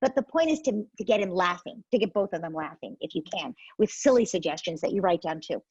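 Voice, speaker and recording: A woman's voice: on the low side, lively intonation, quick pace, a little mellow, slightly rough, no room sound, dull audio. A woman, a parenting expert guest, explains her method in an interview and acts out what parents and children say.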